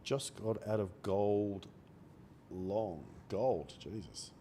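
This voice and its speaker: A man with a cold, talking quietly and bluntly into a close microphone during a day-trading live stream, swearing now and then. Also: lowish voice, very slow, a little hiss or hum. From Australia. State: has a cold. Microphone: microphone held very close.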